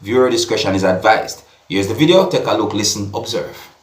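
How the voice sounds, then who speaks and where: A man with a Jamaican accent giving casual video commentary as a vlogger, often checking in with the listener through quick tag questions. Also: on the low side, expressive. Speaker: vlogger commenting on a viral clip. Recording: echoey room with faint music.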